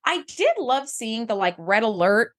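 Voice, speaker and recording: Woman, podcast co-host, slightly high pitch, enthusiastic, casual swearing, personal asides. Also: sing-song, normal speed, a bit bright. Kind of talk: casual episode recap chat.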